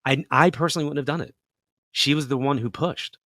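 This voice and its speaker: A man, a psychic medium guest in an interview, telling lively casual stories and acting out the voices of people he quotes. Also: on the high side, brisk, no room sound, clean studio sound. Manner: animated storyteller, acts out quoted voices.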